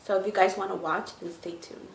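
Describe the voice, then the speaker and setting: A woman's voice: medium pitch, fairly even intonation, a little fast, creaky. A heavily pregnant woman chatting casually to her viewers, full of "like" and "you know". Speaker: vlogger. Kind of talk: casual storytime. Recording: echoey room with faint noise.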